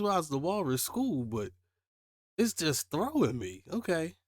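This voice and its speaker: A man reading a comic chapter aloud and reacting to it, casual and excitable, his voice jumping up when he is surprised. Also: a little slow, no room sound, clean studio sound. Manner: excitable, jumps high when surprised, laughs at himself. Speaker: manga reaction channel host.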